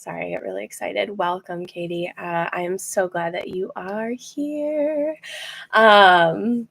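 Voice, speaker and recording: Slow, gentle woman guiding relaxation. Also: medium pitch, vocal fry. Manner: slow, gentle and encouraging, with frequent laughs and fillers. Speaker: relaxation practice leader. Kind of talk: guided relaxation session. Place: seated in a chair.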